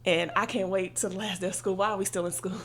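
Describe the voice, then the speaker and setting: Animated woman telling a story. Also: mid-range voice, quick pace, crowd noise. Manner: animated storyteller, acts out quoted voices. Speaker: podcast co-host. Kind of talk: casual chat.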